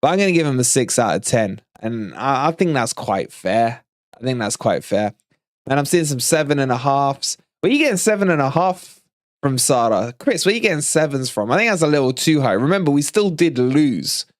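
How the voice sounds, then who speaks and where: A man's voice: mid-range voice, a little fast, no echo, clean studio sound. Teasing man hosting a live stream. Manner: animated, teasing, laughs often. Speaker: fan channel livestream host. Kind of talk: casual live-stream chat.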